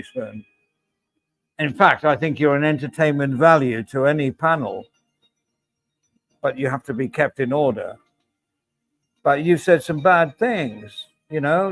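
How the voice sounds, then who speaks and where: A middle-aged man with a fairly high voice hosts a casual livestream, reading chat aloud and joking with viewers by name. He's chatty and playful, and the recording quality is rough.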